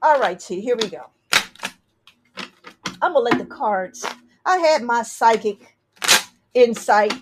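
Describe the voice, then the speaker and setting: High-voiced lady astrologer, blunt and sassy, reads emails and tells it like it is. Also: very noisy. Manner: blunt, animated, sassy advice with emphatic repeats. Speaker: astrologer and tarot reader host. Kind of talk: reading listener emails, advice talk.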